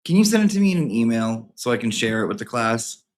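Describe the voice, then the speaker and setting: Very animated and quick-paced, this man with a mid-range voice chats campily to his live audience, reading out their emails. He peppers them with sassy asides and swears freely throughout.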